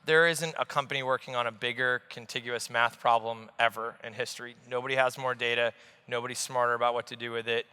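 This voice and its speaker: Man in his forties, on-stage guest, bright and forceful voice, lively storyteller, hall reverb. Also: mid-range voice, quick pace, clear, resonant tone. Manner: animated storyteller, swears freely. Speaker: investor guest. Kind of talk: on-stage conversation. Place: large conference hall stage.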